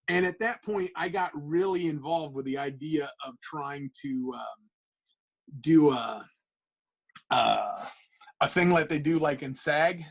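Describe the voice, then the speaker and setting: Casting note: man guest on a podcast, chatty animated storyteller, restarts a lot, voice pitched a bit high. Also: normal speed, low-quality recording. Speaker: comic book artist guest.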